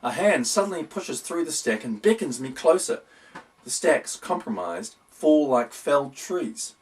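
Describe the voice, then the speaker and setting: A man with a slightly high, slightly mellow voice reads a whimsical storybook a little slowly and expressively. His tone is wry and playful, and his voice sounds distant from the mic.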